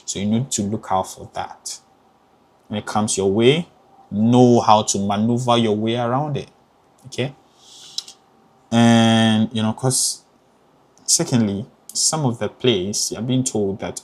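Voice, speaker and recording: Young ghanaian guy chatting on his vlog, lowish voice, says you know a lot. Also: steady tone, unhurried. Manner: chatty, frequent "you know" fillers, emphatic. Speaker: theatre graduate student. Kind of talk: casual advice vlog.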